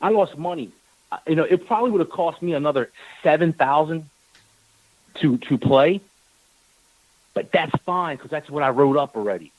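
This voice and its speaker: A man's voice: fairly high pitch, normal speed, long pauses, dry recording, lo-fi sound. A man, a team owner, telling a long story on a talk radio show, acting out the exchanges and repeating words when worked up. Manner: animated storyteller, acts out quoted exchanges.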